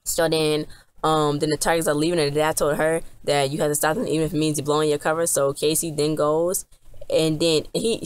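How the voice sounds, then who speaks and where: A woman with a low voice chats through an episode recap. She rambles and keeps restarting her sentences, in the casual way of a fan reviewer. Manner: rambling, chatty retelling with many restarts.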